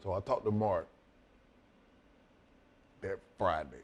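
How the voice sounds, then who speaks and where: A man's voice: deep voice, takes it slowly. Profane man telling a wrestling story. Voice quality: profane, animated retelling. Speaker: guest, former wrestler. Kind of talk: storytelling in casual chat.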